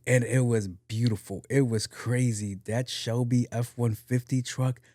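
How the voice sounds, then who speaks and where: Animated young man telling a story on a podcast. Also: medium pitch, measured pace, dry recording, clean studio sound. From New York. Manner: animated, profane, self-mocking storyteller. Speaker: podcast host. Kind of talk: casual storytelling monologue.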